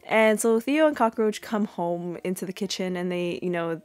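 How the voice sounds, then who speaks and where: A woman's voice: on the low side, normal speed, a little mellow. A young woman hosting a podcast who recaps a TV episode in a casual, rambling way, full of fillers and asides. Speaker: podcast host.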